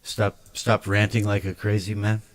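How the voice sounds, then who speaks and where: A man's voice: fairly low pitch, completely flat delivery, normal speed. A man speaking a blunt, emphatic ranting monologue to his viewer as a video creator.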